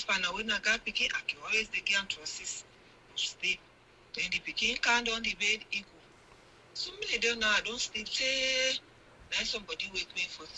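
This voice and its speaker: A woman's voice: medium pitch, pushed and bright, slight background noise, rough recording. Older Sierra Leonean woman, earnest account. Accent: Sierra Leonean Krio. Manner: long narration with many quoted exchanges, earnest. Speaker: guest, mother telling her account. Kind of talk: radio interview testimony.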